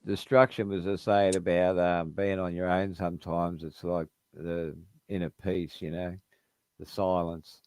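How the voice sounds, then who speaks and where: Easygoing man, low and dry. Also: little pitch movement, measured pace, darkish tone, clear, resonant tone, no echo, muffled recording. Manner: easygoing, laughs a lot. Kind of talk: casual chat.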